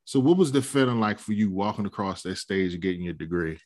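A man's voice: lowish voice, lively intonation, fast, a little mellow, no echo. A man interviewing a guest, asking open questions and sometimes restarting his sentences as he goes.

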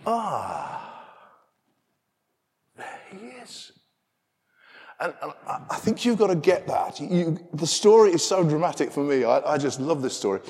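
A man with an English accent preaching a sermon, telling stories with animated asides. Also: fairly high pitch, brisk, few pauses. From England. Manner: animated storytelling, acting out scenes in hushed asides. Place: church. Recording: long reverb of a large church.

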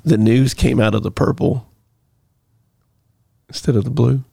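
Gravelly middle-aged man telling corny jokes. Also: mid-range voice, unhurried, mellow, no room sound. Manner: dry corny joke teller. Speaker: podcast co-host. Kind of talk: casual chat.

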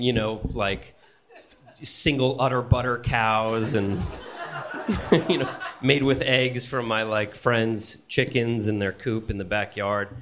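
A man telling a personal story on stage at a live event, animated and profane, often laughing as he talks. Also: lowish voice, slight background noise.

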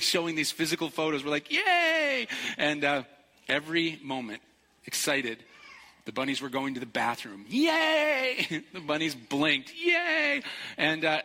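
A middle-aged pastor telling a story in a relaxed sermon, joking and putting on squeaky excited voices. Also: male voice. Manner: playful, animated storytelling with jokes and high-pitched quoted voices. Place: large church hall. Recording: long hall reverb.

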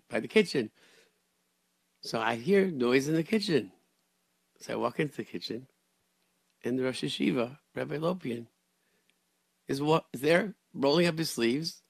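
A man hosting a radio chat, telling stories in a lively way with many restarts and Hebrew and Yiddish words. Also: mid-range voice, vocal fry, no room sound. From Rochester, New York area. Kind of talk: casual storytelling chat.

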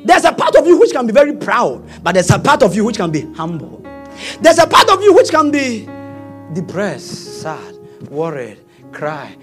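A man, preaching a sermon, swinging from quiet asides to shouting. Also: very high-pitched. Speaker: pastor.

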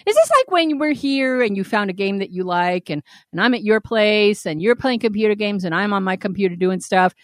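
A woman co-hosting a casual podcast, telling a story with lots of energy and plenty of swearing. She acts out every quoted line as she goes. Her voice sits at an ordinary middle pitch and is recorded dry and close. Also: fairly quick, few pauses, no echo. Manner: animated, profane storytelling with acted-out quotes. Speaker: podcast co-host.

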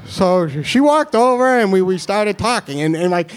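A young man with a New York accent telling a funny personal story, animated and self-deprecating, with halting restarts. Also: high voice, smooth. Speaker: storyteller and comedian. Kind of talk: comedic personal story told to an audience.

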